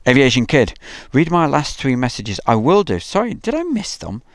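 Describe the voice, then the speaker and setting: A man's voice: mid-range voice, huge pitch swings, normal speed, no room sound, studio quality. A man hosting a casual outdoor live stream, rambling chattily and reading viewer messages aloud. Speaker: livestream host. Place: outdoors at an airfield.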